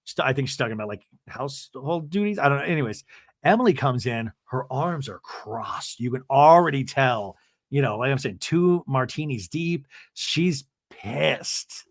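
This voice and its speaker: A man's voice: medium pitch, lively intonation, normal speed, no room sound, studio quality. A man hosting a podcast, recapping in a chatty, gossipy storytelling way. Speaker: podcast host. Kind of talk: casual recap commentary.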